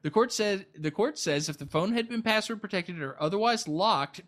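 Podcast host, male, slightly high-pitched, reads news then mocks it with dry sarcasm and stumbling asides. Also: expressive, normal speed, hardly any pauses, a bit bright. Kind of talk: casual news commentary.

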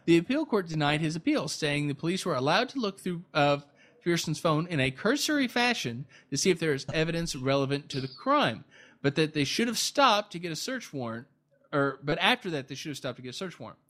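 A man's voice: a little high, sing-song, a little fast, a bit bright. Sarcastic man riffing on news. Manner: sarcastic, stumbling restarts. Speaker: podcast host reading news. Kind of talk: casual news commentary.

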